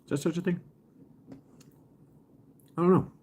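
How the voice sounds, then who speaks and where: A man's voice: sits high, steady tone, a little slow, darkish tone, breathy edge. A man casually chatting and rambling with live viewers as a stream host, often chuckling. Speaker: livestream host. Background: fireworks popping outside.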